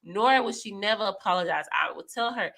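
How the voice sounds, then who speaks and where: A woman's voice: medium pitch, brisk, gravelly, a bit bright. A woman, co-hosting a casual podcast, speaking candidly and reflectively. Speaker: podcast co-host. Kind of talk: casual chat.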